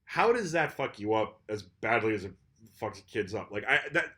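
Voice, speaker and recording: Young man, podcast co-host, lively swinging delivery, casual and profane. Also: on the low side, moderate pace. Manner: animated, swearing, doing mocking impressions. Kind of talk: casual chat.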